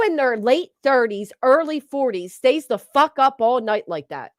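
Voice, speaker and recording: High-voiced woman ranting mockingly. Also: expressive, measured pace, hardly any pauses, dry recording, clean studio sound. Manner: blunt, mocking, swears heavily. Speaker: commentary streamer. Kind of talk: profane reaction commentary.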